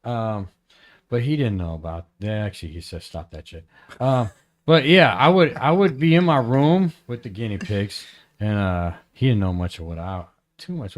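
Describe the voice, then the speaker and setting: A man on a podcast telling a story in casual chat, rambling and halting with many fillers and restarts. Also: fairly low pitch. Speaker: podcast host.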